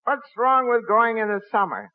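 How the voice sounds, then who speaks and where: A man's voice: extremely high pitch, very animated, moderate pace. A man playing a mild, befuddled comic guest in a 1940s radio comedy show. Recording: tinny old radio broadcast with loud hiss.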